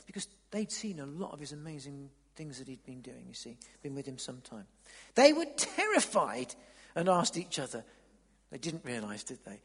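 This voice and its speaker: A man preaching an evening sermon in a church hall, dramatic and swinging from loud to near-whisper. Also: on the high side, big pitch swings, moderate pace, slightly rough. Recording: long reverb in a large hall.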